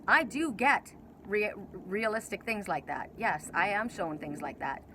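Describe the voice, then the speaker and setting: A woman's voice: medium pitch, lively intonation, a little slow, bright, forceful tone, a little hiss or hum. A woman who reads oracle cards, talking to her viewers in an emotional, rambling way, often repeating herself and restarting her sentences. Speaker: oracle card reader. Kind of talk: spiritual video talk to viewers.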